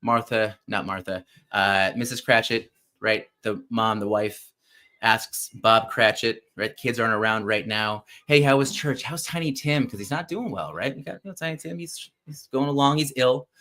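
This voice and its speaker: A man hosting a show, casually retelling a classic story in an animated way and often checking in with listeners. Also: lowish voice. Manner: thinks aloud with fillers and restarts. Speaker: podcast host.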